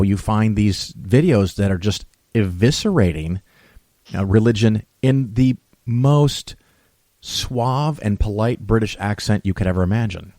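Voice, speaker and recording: A man's voice: on the low side, warm tone, no room sound. A man hosting a casual interview, chatty and joking. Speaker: host.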